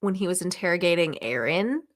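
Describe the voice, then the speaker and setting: A woman's voice: fairly low pitch, expressive, fairly quick. A woman co-hosting a podcast in casual chat, blunt and scornful as she gives her take on a crime case. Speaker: podcast co-host.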